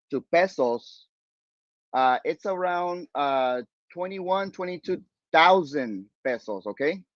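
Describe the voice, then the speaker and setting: A man hosting a podcast, retelling a story in a rambling, animated way with lots of fillers and restarts. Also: fairly high pitch, no room sound, muffled recording. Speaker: podcast host. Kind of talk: casual storytelling chat.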